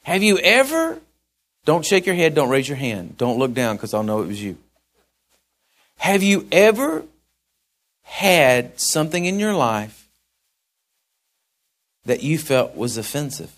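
A man preaching a sermon in a folksy, conversational way that swells into emphatic, shouted points. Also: medium pitch, lively intonation, moderate pace. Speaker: pastor.

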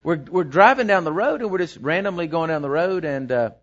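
A middle-aged pastor preaches in a slightly high voice, wandering through a personal story with fillers and restarts before pushing into excited, emphatic points. The sermon recording sounds dull and lo-fi. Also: male voice, fairly quick. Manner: rambling anecdote that builds into emphatic, excited preaching.

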